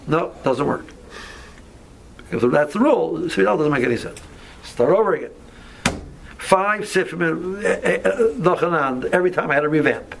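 Male teacher, slightly high and gravelly voice, halting conversational delivery, faint noise behind. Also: rough recording. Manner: conversational, halting, many restarts and asides. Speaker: rabbi teaching a class. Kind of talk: informal Torah class.

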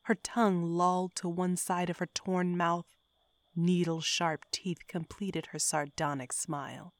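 A woman reading a horror story aloud in a hushed, whispery telling. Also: on the low side, little pitch movement, measured pace, dry recording, clean studio sound. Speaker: narrator.

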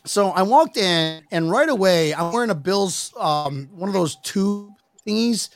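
A man's voice: sits high, expressive, unhurried. A man hosting a podcast, telling a rambling story with plenty of swearing and restarts after he has been drinking. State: tipsy from drinking. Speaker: podcast host. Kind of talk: casual chat.

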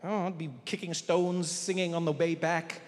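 A man telling stand-up stories on stage, animated and jumping quickly into character voices. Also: fairly high pitch. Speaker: stand-up comedian. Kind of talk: stand-up storytelling. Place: large theater stage. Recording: live in a large hall with faint noise.

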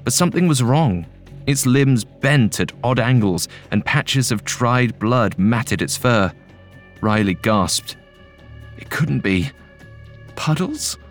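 Male horror narrator, low voice, even delivery, soft music underneath. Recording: faint music bed.

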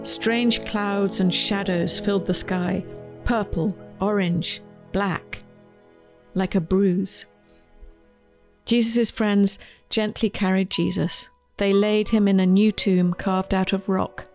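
Reading slowly from the children's book she authored, a woman with a mid-range voice sounds gentle and expressive. Soft music can faintly be heard behind her.

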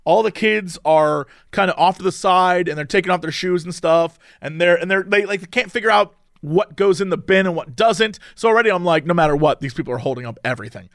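A man's voice: high-pitched, brisk, hardly any pauses, dry recording, studio quality. A man telling a story in casual chat, acting out other people's lines. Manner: animated, acts out people's lines in mimicked voices. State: tired from no sleep. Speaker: podcast co-host.

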